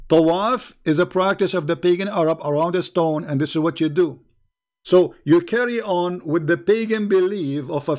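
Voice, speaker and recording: In polemical livestream commentary, a middle-aged man argues in a combative, mocking style, repeating points for emphasis. His voice is fairly high and a little mellow.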